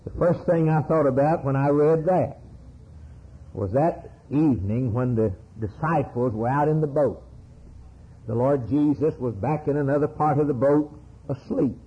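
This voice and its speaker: A man preaching a sermon with fervent, rhythmic delivery and sweeping rises and falls in pitch. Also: a little slow, husky. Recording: dull lo-fi sermon recording.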